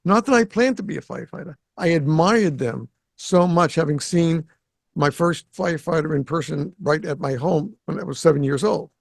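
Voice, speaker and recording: Raised around Boston and now recording at home in South Florida, this podcast host tells his story in a gravelly, slightly raised voice that sits a little high and moves at a moderate pace. He animatedly slips into the voices of the people he quotes. The sound is close and dry, with no room echo.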